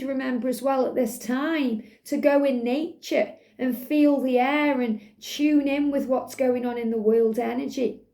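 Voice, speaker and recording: A middle-aged woman gives a spiritual tarot reading in a soft, soothing way, sometimes half-singing lyrics. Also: sits high. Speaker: tarot reader.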